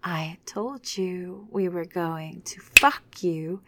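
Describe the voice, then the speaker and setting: Breathy whispering temptress, as a woman puts her on. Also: lowish voice, takes it slowly, noisy background. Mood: sultry whisper. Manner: teasing, commanding whisper. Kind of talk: whispered role-play.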